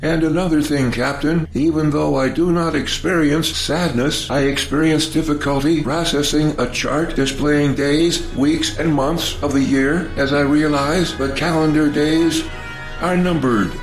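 A man's voice: a little high, steady tone, measured pace. An actor playing a literal-minded male artificial intelligence who speaks with precise, overly literal phrasing. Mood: dry. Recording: roomy audio drama with faint music.

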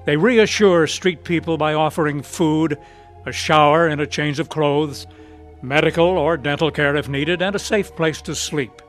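A man's voice: on the high side, measured pace, faint music behind. Earnest male radio announcer. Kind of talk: scripted radio narration.

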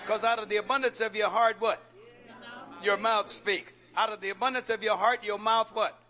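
A man's voice: high-pitched, fairly even intonation, fast talker, pushed and bright. A man pastor preaching a call-and-response sermon in church, firing rhetorical questions at the congregation, coaxing and joking.

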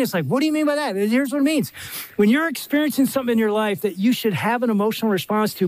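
An older man preaching a sermon, telling stories with lively acted-out quotes. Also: very high voice, no room sound. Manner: animated storytelling with acted-out quotes. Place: live event stage.

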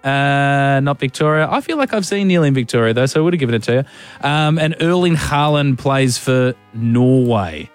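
An Australian man hosting a radio show, teasing his co-host in quick banter and running a phone quiz. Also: mid-range voice, lively intonation, no room sound, faint music behind. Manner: teasing, quick-fire and playful.

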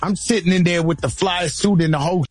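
A man doing a comedic impression of a boastful, aggrieved male rapper, husky and whiny. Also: sits high, fast talker, dry recording, studio quality, faint music behind.

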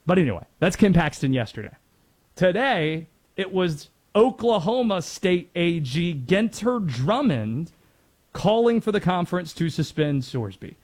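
A man's voice: high voice, very animated, a little slow, darkish tone. A man from North Carolina hosting sports talk radio in a chatty way, laughing easily and wandering into asides.

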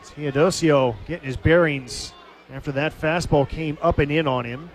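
Chatty radio baseball announcer, a man. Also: normal speed. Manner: chatty, laughs at his own story between pitches.

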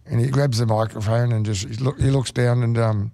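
Gravelly man rambling through stories. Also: mid-range voice, fairly even intonation, mellow, no room sound. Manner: rambling, halting, many restarts. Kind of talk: casual anecdotal chat.

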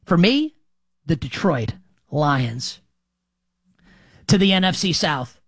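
Brash sports radio host, dry studio sound. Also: male voice, a little high, animated, slow pace, long pauses, no echo. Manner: brash, emphatic, jokey. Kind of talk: sports talk radio monologue.

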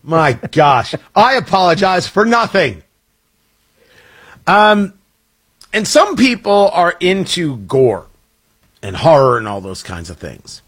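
Male radio host, higher voice, lively swings, playful riffing. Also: slow, long pauses, slightly rough. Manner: joking, animated, self-interrupting. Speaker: radio talk show host. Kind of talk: casual radio chat.

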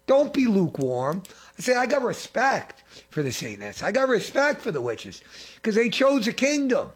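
A middle-aged man preaching a fervent sermon, repeating phrases and swinging between loud and hushed. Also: high-pitched, wildly swooping pitch, moderate pace, slightly rough. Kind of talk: impassioned sermon.

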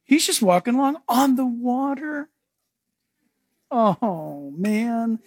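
Husky high-voiced animated pastor. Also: male voice, slow, pauses often, no room sound, studio quality. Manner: animated, acts out scenes. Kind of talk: sermon.

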